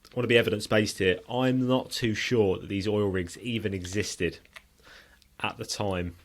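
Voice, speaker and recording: A man's voice: fairly low pitch, fairly even intonation, normal speed. A man co-hosting a casual fitness podcast, rambling and swearing freely as he sets up the episode. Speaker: podcast co-host.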